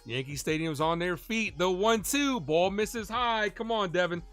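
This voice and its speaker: Faint music plays behind a man with a high voice and a slightly slow delivery. He's a fan doing live play-by-play on his stream, shouting excitedly at big plays, talking with viewers, and reading their donations.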